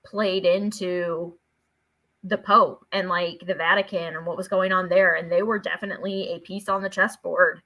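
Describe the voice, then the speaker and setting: A woman's voice: fairly low pitch, steady tone, moderate pace, bright, forceful tone. A woman co-hosting a live book discussion, chatting casually with many "like" fillers.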